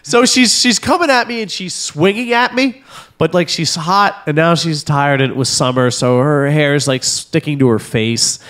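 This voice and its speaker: A man's voice: fairly high pitch, normal speed. A man hosting a podcast, telling a profane story in casual chat and acting out the voices in it. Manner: animated, profane, acts out voices in his story. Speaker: podcast host.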